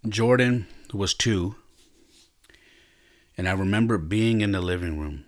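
A man's voice: on the low side, unhurried. A man hosting a podcast, telling a personal story in a reflective, earnest way, often stopping and restarting his sentences. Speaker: podcast host.

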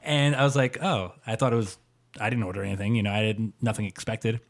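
A man co-hosting a podcast, telling animated stories with lots of fillers and quick laughs. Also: fairly low pitch. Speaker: podcast co-host. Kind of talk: casual chat.

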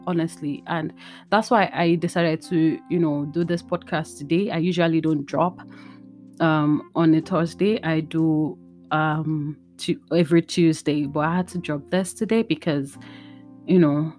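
A woman talks on her own podcast in a lowish voice, tired and emotional. She rambles and slips Yoruba phrases into her talk. Faint guitar music plays softly behind her. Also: fairly even intonation, measured pace. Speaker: podcast host. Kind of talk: casual solo podcast talk. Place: indoors at home.

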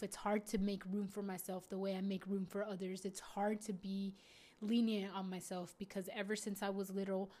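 A woman in her twenties talking candidly and profanely to her viewers about self-care and being a mom. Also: mid-range voice. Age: 20s. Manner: casual, profane, heartfelt. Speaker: vlogger.

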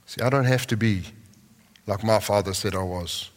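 A man preaching a sermon in a large church hall, moving between impassioned lines and soft, prayerful tones. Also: lowish voice, moderate pace. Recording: long reverb of a large hall.

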